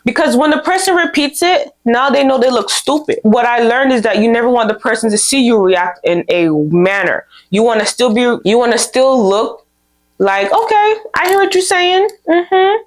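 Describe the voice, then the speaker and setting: A young woman hosting a vlog, giving candid, casual advice and telling stories with lively quoted dialogue. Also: fairly high pitch, normal speed. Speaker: vlog host. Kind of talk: casual advice talk to camera.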